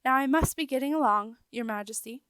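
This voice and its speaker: A woman's voice: high-pitched, brisk, a bit bright, clear, resonant tone, dry recording. A woman voicing an elderly, portly male rat who runs a message office, flustered and apologetic with a stammer. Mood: fussy.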